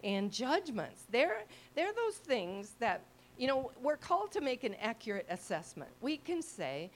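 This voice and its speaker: An older woman gives a conversational ministry teaching to a live audience. She talks with a mid-range pitch, drops into acted-out inner voices, and keeps checking in with her listeners. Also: moderate pace, few pauses, slight background noise. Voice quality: expressive, acts out quoted thoughts in lively voices.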